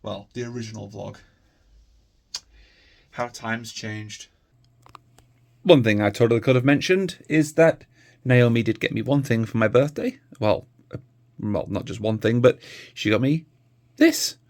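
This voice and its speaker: A man's voice: medium pitch, a little slow, vocal fry, long pauses, darkish tone. A tired man, chatting casually to camera in a rambling, easygoing vlog. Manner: rambling, easygoing, many fillers. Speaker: vlogger.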